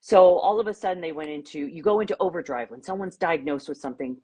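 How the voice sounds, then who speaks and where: A woman's voice: on the low side, animated, fast, darkish tone, husky. A middle-aged woman nurse, a guest in an online interview, speaking candidly and telling a personal story. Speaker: nurse and organization founder, guest. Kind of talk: casual interview.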